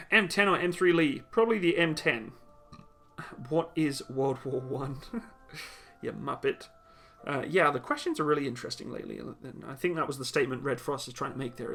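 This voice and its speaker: A man's voice: fairly high pitch, pushed and bright. A young man from Britain hosting a live stream, reading out chat comments and answering them bluntly with some teasing. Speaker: livestream host answering chat questions.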